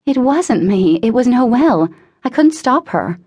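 A woman's voice: a little high, big pitch swings, a little slow, darkish tone, breathy edge, voice pushed up, heavily acted. A woman voicing a desperate, obsessive teenage girl who pleads in a raised, tearful voice. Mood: pleading.

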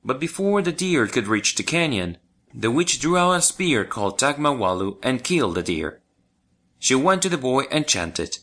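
A man narrating a children's folk tale audiobook in an expressive storytelling manner. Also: mid-range voice, normal speed.

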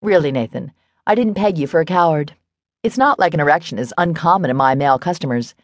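A confident young woman who teases and commands with calm control, read by a woman narrator. Her voice is low and sounds dry and close to the mic. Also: fast talker, dry recording. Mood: teasing. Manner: cool, commanding, teasing. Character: bold, teasing young woman in charge.

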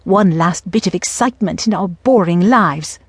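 A woman's voice: on the low side, normal speed, breathy edge, dry recording. A woman voicing a wry, defiant young woman with a dry, irreverent delivery.

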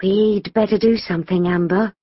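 A woman's voice: medium pitch, steady tone, moderate pace, lo-fi sound, lightly acted. A woman voicing an authoritative, know-it-all schoolgirl in a children's audiobook.

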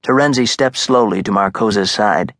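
A man reading a thriller audiobook in a measured, suspenseful narration. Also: lowish voice, a bit bright, no room sound. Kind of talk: scripted narration. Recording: dry, close studio sound.

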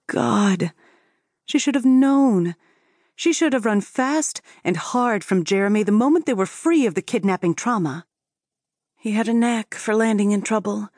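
A woman narrating an audiobook with steady, expressive storytelling. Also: medium pitch, dry recording, clean studio sound.

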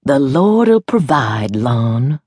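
Woman doing a soft-spoken gentle grandmother. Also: a bass voice, sing-song, husky, no room sound, studio quality, heavily acted. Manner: soft and slow. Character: gentle, faithful elderly grandmother.

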